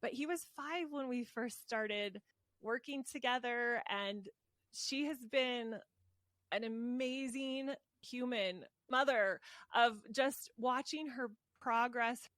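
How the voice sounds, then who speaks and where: A woman's voice: on the high side, takes it slowly, a bit bright, dry recording. A woman hosting a parenting podcast, with effusive, enthusiastic praise. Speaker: podcast host, parenting coach.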